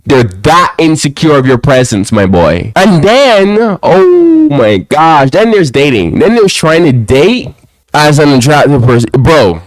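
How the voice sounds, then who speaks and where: A young man ranting to camera in a casual monologue at home, often tacking a low "bro" onto his lines. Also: big pitch swings, unhurried, dry recording, poor audio. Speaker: vlogger. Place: quiet home, alone.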